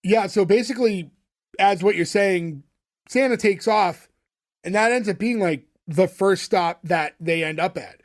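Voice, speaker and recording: A man's voice: high-pitched, measured pace. A man co-hosting a podcast, casually recapping a show episode in a rambling way full of fillers. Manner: rambling, filler-heavy retelling of scenes. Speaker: podcast co-host.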